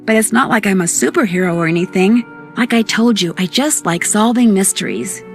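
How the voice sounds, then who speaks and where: A woman's voice: mid-range voice, expressive, a little fast, close to an everyday voice. Nancy Drew, a woman playing the young sleuth. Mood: polite. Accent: American. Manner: polite, plain-spoken, modest. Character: earnest young female amateur detective. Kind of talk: video game voice acting. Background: faint game music.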